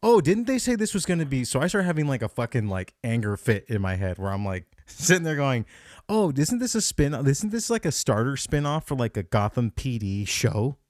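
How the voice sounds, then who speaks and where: Animated, swearing podcast host ranting. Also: male voice, mid-range voice, normal speed, no room sound, clean studio sound. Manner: profane, animated, acts out his own thoughts in quotes. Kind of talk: casual comedic movie rant.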